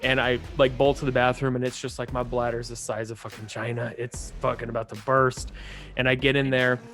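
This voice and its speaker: A young man on a casual podcast, telling a story with lots of swearing and acting out voices with big jumps in pitch. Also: level tone, fairly quick, a bit bright, soft background music. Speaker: podcast co-host.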